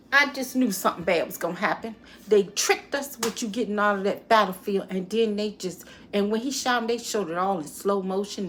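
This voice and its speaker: A woman talks through a movie review in a chatty, expressive way, speaking straight to her viewers and calling them honey. Her voice sits at a middle pitch for a woman, and faint music plays softly behind her. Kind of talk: casual spoken movie review. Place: at home near her dishes.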